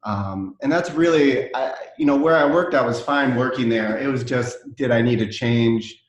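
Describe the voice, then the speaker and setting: A man's voice: medium pitch, moderate pace, roomy sound, dull audio. A man, a business owner who is the guest on a webinar, speaking casually and hesitantly. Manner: casual and hesitant, lots of kinda and um. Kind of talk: webinar interview.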